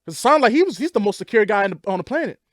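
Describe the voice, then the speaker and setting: Animated high-voiced man ranting about sports. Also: very fast, dry recording, clean studio sound. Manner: animated, exasperated fan rant. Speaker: sports podcast host. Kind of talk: casual sports commentary vlog.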